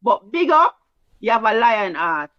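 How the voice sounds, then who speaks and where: A woman with a Jamaican accent co-hosting a casual sports chat, teasing and quick-fire in her delivery. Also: a little high, sing-song, a crowd in the background. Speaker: co-host. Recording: dull, dry, lo-fi mic.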